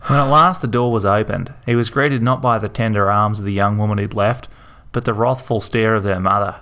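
A man narrating a story in a measured, vivid way. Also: on the low side, steady tone, bright, forceful tone, a little hiss or hum.

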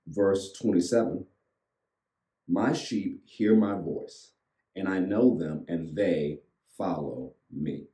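A pastor with a deep, mellow voice preaches a sermon to an online audience, leading them through call-and-response recitation with rhythmic repetition. The audio is poor, with an echoey room.

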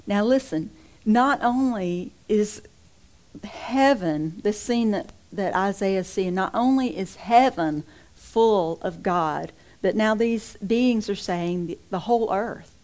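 A woman's voice: medium pitch, takes it slowly, a little mellow. A middle-aged woman, a preacher's wife, delivering an emphatic, repetitive and impassioned sermon.

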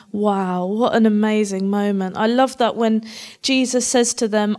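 A woman's voice: medium pitch, fairly even intonation, unhurried. Woman reading scripture with asides. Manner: reads scripture aloud, breaks off for warm personal asides. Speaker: preacher. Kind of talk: Bible reading with commentary.

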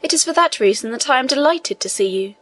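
A woman's voice: sits high, lively intonation, fast, fairly bright tone, pitched above the performer's own voice. A woman reading the lines of an elderly male prisoner priest who talks in an earnest, pressing way. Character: elderly male imprisoned priest, eager scholar.

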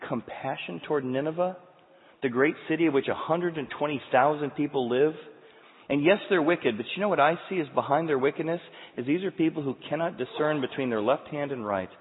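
A male pastor preaching a sermon, telling the story in an animated way and moving between loud and quiet passages. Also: a little high, a little fast. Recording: tinny sound, long hall reverb.

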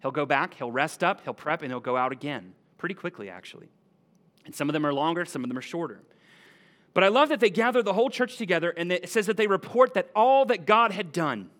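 A man preaching a sermon as a pastor, animated and conversational, often checking in with his listeners. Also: on the high side, fast. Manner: animated, conversational, asks the room "right?".

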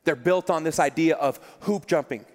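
High-voiced impassioned male pastor. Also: normal speed, a little mellow. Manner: impassioned, repeats words in rising emphasis. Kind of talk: sermon. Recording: long hall reverb.

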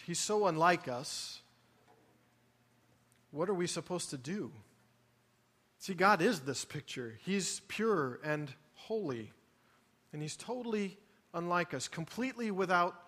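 A man with a high voice preaches a sermon, earnest and pleading. He drops to quiet reflection, then builds to emphatic appeals. The sound rings with the long reverb of a large sanctuary. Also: lively intonation, slow, long pauses. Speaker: pastor.

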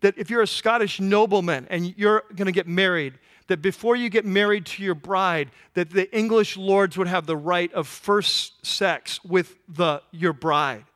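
A man delivers a sermon in a fairly high voice, painting scenes and acting out the voices of the people in them. His delivery swings between conversational asides and rising fervor. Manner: animated storytelling, acts out voices, rising intensity. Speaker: pastor.

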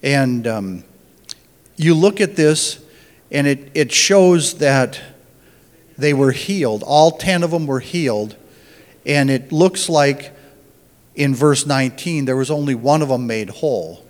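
A man's voice: medium pitch, expressive, slow pace, long pauses, long reverb tail. A man giving an informal Bible teaching, thinking aloud and often restarting his phrases.

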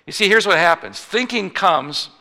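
A man's voice: high voice, animated, moderate pace, bright, forceful tone, big-room sound. A man preaching a sermon in a conversational way, often restarting his phrases and acting out little stories. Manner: conversational, with frequent restarts and acted-out anecdotes.

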